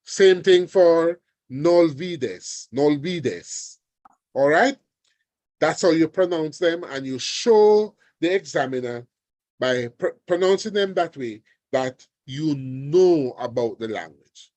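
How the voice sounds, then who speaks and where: A man teaching an online exam revision lesson, deliberate and often checking in with his students. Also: a little high, darkish tone, dry recording. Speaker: language teacher. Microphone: video call.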